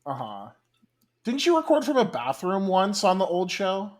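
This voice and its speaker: A man's voice: high voice, huge pitch swings, normal speed. A man co-hosting a casual book club podcast over a call from his studio apartment, joking in a dry way. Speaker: podcast co-host. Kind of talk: casual chat. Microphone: recorded remotely over a call.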